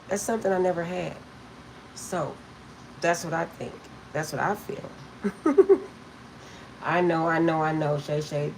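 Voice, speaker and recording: Low-voiced chatty middle-aged woman. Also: darkish tone, a little hiss or hum, poor audio. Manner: rambling, chatty, laughs often. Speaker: tarot reader. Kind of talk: casual storytelling to viewers.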